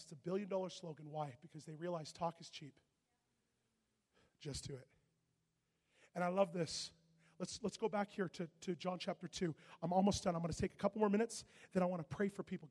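A man preaching in a large hall, his voice high and a little husky. His storytelling is animated and builds to shouts, with a long reverb trailing every phrase. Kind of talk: sermon.

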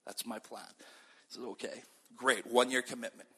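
A man's voice: mid-range voice, moderate pace, husky. A man from Canada giving a sermon-style personal testimony, telling his story with acted-out dialogue. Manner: storytelling, acts out dialogue, animated. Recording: long reverb of a large hall.

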